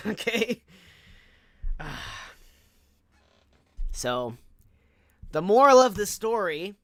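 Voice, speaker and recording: A young man from Southern California streaming, telling a casual story in a chatty, animated way with lots of fillers and asides. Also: high voice, very slow, pauses often, no room sound.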